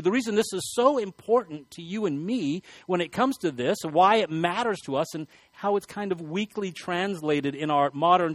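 A man preaching a sermon as pastor, emphatic and building to forceful commands. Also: sits high, no echo. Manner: emphatic, rising to shouted commands.

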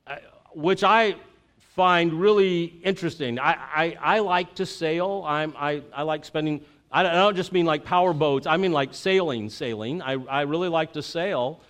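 Halting, smooth-voiced male preacher. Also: a little high, a bit bright. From Florida. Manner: halting, many fillers and restarts. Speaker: pastor. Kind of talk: conversational sermon.

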